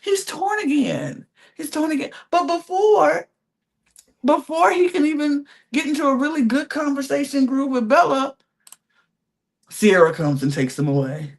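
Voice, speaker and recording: Sassy, animated woman podcast host. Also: high-pitched, measured pace. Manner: animated, sassy, laughs often. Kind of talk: casual reality TV recap chat.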